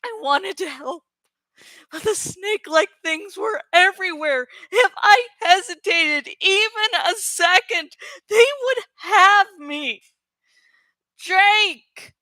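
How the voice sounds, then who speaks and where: A woman's voice: very high voice, lively intonation, takes it slowly, sharp tone, no room sound, poor audio. A woman reading a novel aloud with dramatic, emphatic narration. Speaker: audiobook reader.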